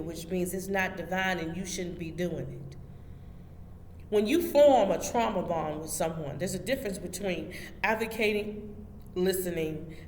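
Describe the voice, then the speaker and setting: A woman hosting a motivational spiritual talk, preaching emphatically and addressing her listeners directly. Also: fairly low pitch. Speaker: host. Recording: echoey hall with faint background noise.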